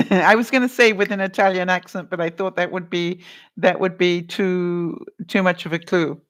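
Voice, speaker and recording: A woman's voice: on the low side, steady tone, moderate pace. A woman vlogger chatting casually on a live stream, laughing often as she runs a movie-quote quiz and answers viewer comments.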